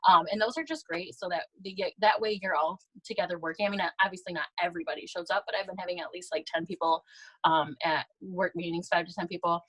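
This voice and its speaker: A woman with a lowish voice shares tips on a video call in a chatty, upbeat way, with plenty of ums. Her sound is dry and close. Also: fast talker, a bit bright, dry recording, low-quality recording. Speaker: guest team leader. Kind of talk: casual sharing on a video call.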